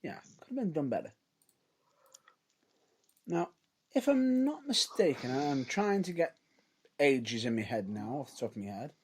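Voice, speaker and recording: Lively, animated man chatting casually. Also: fairly high pitch, measured pace, long pauses, a little hiss or hum. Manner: hedging, restarts often, lively rises and drops. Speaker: podcast co-host. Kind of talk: casual wrestling chat.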